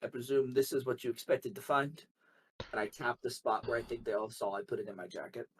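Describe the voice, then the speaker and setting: A man playing a tabletop game, speaking slowly and deliberately in character. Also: mid-range voice, fairly even intonation, slight background noise, poor audio. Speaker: player. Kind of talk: tabletop role-play.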